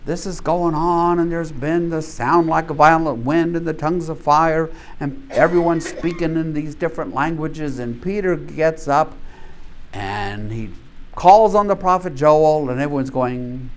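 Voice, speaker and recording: Slow, emphatic male Bible teacher. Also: fairly high pitch. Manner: emphatic, restarts and repeats words. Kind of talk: Bible class lecture.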